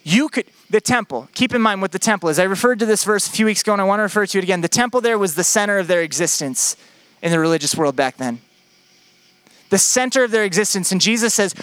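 High-voiced young male pastor preaching. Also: expressive, a little fast, fairly bright tone, no echo. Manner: conversational storytelling with emphatic repetition. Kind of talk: sermon.

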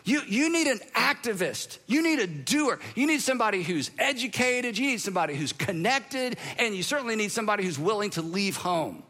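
A man's voice: sits high, big pitch swings, fairly quick, hardly any pauses, sharp tone, big-room sound, heavily acted. A man voicing an impatient divine father who scolds his son bluntly and with wisecracks. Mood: exasperated.

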